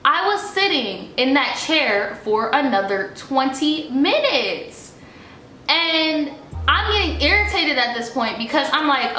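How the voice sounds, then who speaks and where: A young woman telling a storytime vlog in a sassy, profane, animated way, in an echoey room with faint music. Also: high voice, takes it slowly, a little hiss or hum. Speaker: vlogger.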